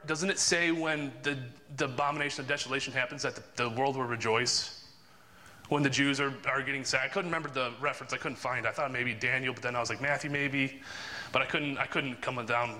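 A man's voice: medium pitch, pushed and bright. A man telling a long story in casual chat, rambling with lots of fillers and restarts. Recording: long reverb.

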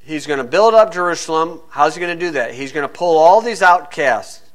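A man's voice: fairly high pitch, expressive, brisk. A man preaching a sermon, full of rhetorical questions, acting out hecklers and reading scripture aloud.

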